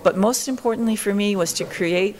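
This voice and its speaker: In an interview, an older woman who pioneered the marathon recounts her story with animation, doing the voices of those she quotes. Her voice is medium in pitch and a little mellow, and she speaks briskly.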